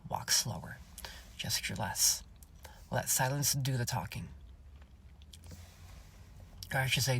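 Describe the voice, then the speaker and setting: A man hosting a self-help podcast, speaking in a slow, commanding way that often drops to a whisper and is peppered with "okay?" and "you guys". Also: mid-range voice, fairly bright tone, breathy edge. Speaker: podcast host.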